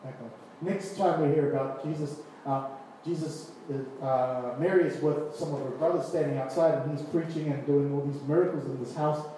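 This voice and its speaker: Animated preacher in an echoey hall. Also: male voice, a little high, normal speed, slight background noise. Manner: animated, acts out scripture scenes with voices and laughs. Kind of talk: sermon. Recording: echoey hall, distant mic, faint ambience.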